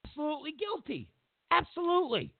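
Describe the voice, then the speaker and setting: A man's voice: very high voice, huge pitch swings, fast talker, gravelly, no room sound. A man hosting a political talk show, delivering a heated, sarcastic opinion monologue. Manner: heated and sarcastic, mocks others in put-on voices. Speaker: political commentary host. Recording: dry, phone-like lo-fi sound.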